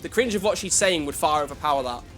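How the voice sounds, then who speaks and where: A man's voice: fairly high pitch, expressive, quick pace, fairly bright tone. A man streaming a video game, chatting casually with his viewers and poking fun at himself. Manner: chatty, self-deprecating, talks to chat. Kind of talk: casual livestream chat. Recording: faint music behind.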